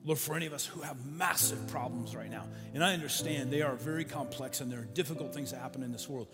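A man's voice: mid-range voice, fast. A man preaching as a pastor, leading his church in prayer with earnest, building repetition. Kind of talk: sermon and prayer. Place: large church with balcony. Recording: long church reverb with music.

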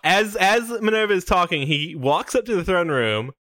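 Giggly, high-voiced man, dry mic. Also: moderate pace, dry recording. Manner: giggly, animated, profane. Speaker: podcast co-host. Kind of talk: casual recap chat.

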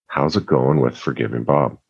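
A man voicing his soft-spoken father, who urges his son calmly and earnestly. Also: very deep voice, normal speed, husky, voice pushed down, exaggerated voice. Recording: muffled lo-fi sound.

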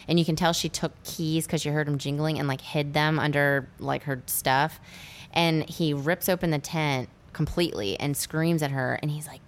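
Woman, low voice, chatty film recap, lots of "like". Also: moderate pace. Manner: animated retelling with many "like" fillers. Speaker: podcast co-host recapping a film. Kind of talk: casual chat.

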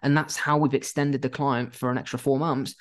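A young man with a mid-range voice talks straight to the camera about running his agency. He is blunt and animated and swears now and then. He acts out phone calls with clients as he goes. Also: mid-range voice, a little fast. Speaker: agency owner giving business advice. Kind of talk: casual talking-head advice.

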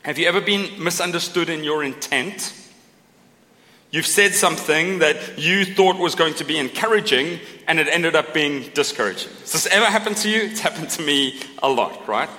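Slightly high and sharp in tone, a middle-aged pastor preaches at normal speed in a conversational, humorous way, punctuating points with a questioning "right?". He jokes at his own expense and speaks aside to the congregation, recorded with long hall reverb.

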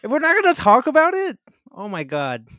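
A man's voice: very high voice, wildly swooping pitch, a little fast, sharp tone, dry recording, studio quality. A man in his thirties co-hosting a podcast, playful and teasing in casual chat. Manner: playful, teasing, fond of bits. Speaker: podcast co-host.

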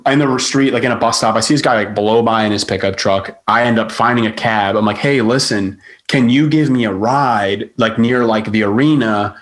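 As a guest on a podcast, a man recounts a touring story in a casual chat at normal speed with few pauses. His voice is fairly low, and he's animated, acting out quotes and peppering his talk with "like."

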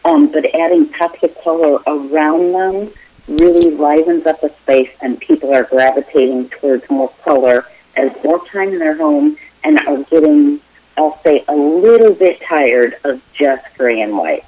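A middle-aged interior designer, appearing as a guest in a remote interview, explains her work in a friendly, informal way full of fillers. Her voice is low, unhurried and mellow, and the audio quality is poor.

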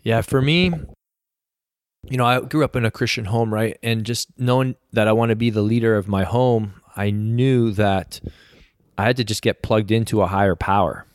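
A man's voice: on the low side, moderate pace, smooth, dry recording, clean studio sound. A man in his thirties speaking sincerely and reflectively as an interview guest, with frequent fillers. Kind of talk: casual conversation.

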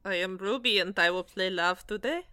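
A woman's voice: medium pitch, normal speed, sharp tone, clean tone, no room sound, clean studio sound. A young woman, a player in a tabletop game podcast, chatting bluntly and jokingly and swearing freely. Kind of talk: casual chat.

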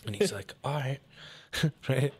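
A man's voice: medium pitch, takes it slowly, slightly rough. A man casually telling a story, cursing often and acting out each person's lines. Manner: profane, animated, acts out quotes.

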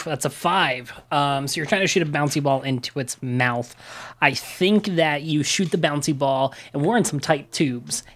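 A player in a casual tabletop game, dry and joking. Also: medium pitch.

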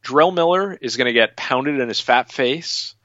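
A man with a bright, forceful voice trading wry takes in a relaxed sports chat. He restarts his sentences often before making his point. His voice is recorded dry, through a muffled, lo-fi mic. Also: mid-range voice, moderate pace, no echo. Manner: wry, hesitant starts, laughs while joking. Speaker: boxing podcast co-host. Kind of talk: casual conversational commentary.

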